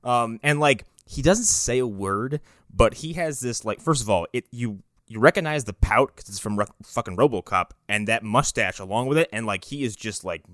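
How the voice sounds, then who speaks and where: A man's voice: mid-range voice, animated, normal speed, fairly bright tone, dry recording, clean studio sound. A man co-hosting a casual film podcast, stumbling through restarts and swearing heavily as he makes his points. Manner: stammering restarts, heavy swearing.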